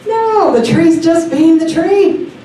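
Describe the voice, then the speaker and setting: A woman giving a sermon at a church service, enthusiastic and animated, with excited exclamations. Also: very high voice, slow pace, a little hiss or hum. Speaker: guest speaker at a church service. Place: large sanctuary during a service. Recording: echoey hall, picked up from a distance.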